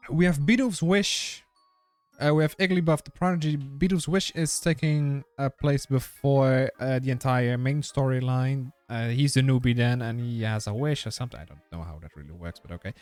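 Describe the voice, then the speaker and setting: A man chats loosely with his stream viewers while he plays, often trailing off and restarting his sentences. His voice sits at a middle pitch and is recorded close and dry, with soft game music playing underneath. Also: moderate pace, dry recording. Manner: rambling, chatty, many fillers and restarts. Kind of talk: casual live-stream chat while gaming.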